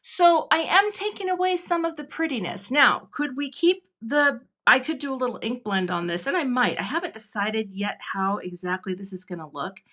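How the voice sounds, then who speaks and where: Bright, chatty woman crafting live. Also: a little high, expressive, normal speed, few pauses. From Washington State, US. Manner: chatty and self-interrupting, laughs often. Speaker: craft product designer hosting a livestream. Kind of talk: live card-making demo, chatting with viewers.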